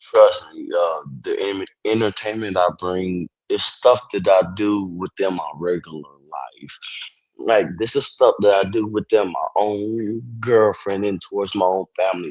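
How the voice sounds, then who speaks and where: A man's voice: deep voice, breathy edge, dry recording, poor audio. A sleepy young man chatting live on a phone stream, yawning, rambling and apologizing, loose and profane. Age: young adult. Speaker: livestreamer. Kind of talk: casual live-stream chat.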